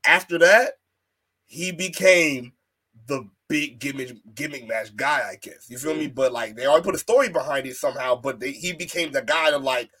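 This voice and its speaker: A man's voice: mid-range voice, normal speed, bright, forceful tone, breathy edge. A man hosting a casual wrestling podcast, swearing, laughing and mimicking wrestlers' voices. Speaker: podcast host.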